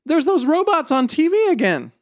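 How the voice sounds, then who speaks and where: A man voicing a curious, bossy six-year-old girl in a piping high voice, reading a story. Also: big pitch swings, moderate pace, no room sound, studio quality. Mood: tattling.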